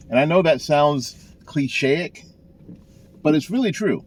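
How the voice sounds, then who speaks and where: A man's voice: a little high, expressive, a little slow, a little hiss or hum. An older man, a saxophone teacher, giving casual, folksy advice in a rambling way with frequent restarts, recorded in a car. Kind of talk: casual talking-to-camera advice.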